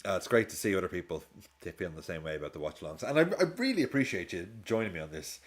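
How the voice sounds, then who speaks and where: A man's voice: sits low, sing-song, rapid-fire. A man with a casual, rambling manner, chatting and laughing often as he hosts a live football watch-along stream.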